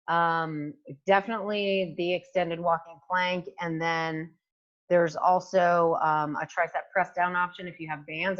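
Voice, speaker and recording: A woman's voice: fairly low pitch, highs cut off. A woman fitness coach demonstrating exercises at home, giving encouraging instructions with frequent fillers. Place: home room with hardwood floor. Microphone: new microphone.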